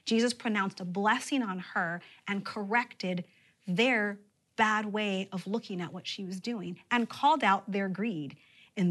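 A woman preaching with an expressive, shifting delivery. Her voice sits at an ordinary middle pitch for a woman. She lowers it to a near-whisper at times to drive a point home. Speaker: pastor. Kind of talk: sermon.

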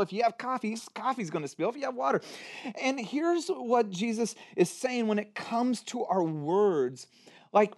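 A man in his thirties preaching a sermon, chatty and informal, swinging from loud stress to quiet, hushed lines. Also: high voice. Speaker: pastor.

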